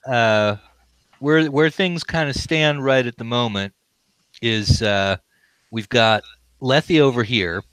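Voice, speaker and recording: A man narrating as dungeon master, unhurried and full of ums and uhs. His voice is bright and the recording is dry and close. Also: mid-range voice, smooth, no room sound, poor audio. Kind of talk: narrating a tabletop game. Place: home game room on camera.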